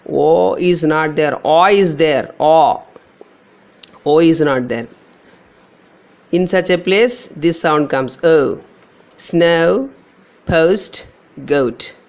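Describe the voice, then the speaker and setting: Male English teacher, Telugu-Indian accent, slightly high gravelly voice, slow deliberate sound drills. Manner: slow, drawn-out modelling of each sound, repeating words. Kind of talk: pronunciation lesson.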